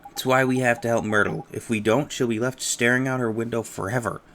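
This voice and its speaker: A game player voicing an earnest, gentle young boy hero who speaks softly and hesitantly, reading game dialogue aloud. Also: medium pitch, steady tone, fairly quick, a little hiss or hum, close to an everyday voice.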